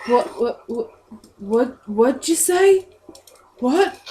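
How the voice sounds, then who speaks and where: A woman's voice: high-pitched, animated, very slow, darkish tone, slight background noise, pitched above the performer's own voice, heavily acted. A woman voicing a dumbstruck male guard who stammers, flustered, in a tabletop game. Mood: baffled.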